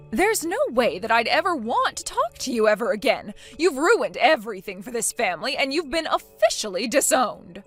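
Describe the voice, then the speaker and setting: A woman with a high, very lively voice reads a heated family argument aloud, sharp and mocking. Her pitch swings widely from line to line. Faint music plays beneath her. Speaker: reader voicing both sides of a text-message argument. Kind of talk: scripted story reading.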